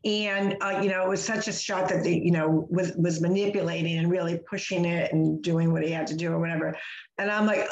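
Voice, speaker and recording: A woman hosting a casual conversation, chatty and full of fillers, telling a personal story in an animated way. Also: on the low side, brisk, reverberant, muffled recording. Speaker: host. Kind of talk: casual chat.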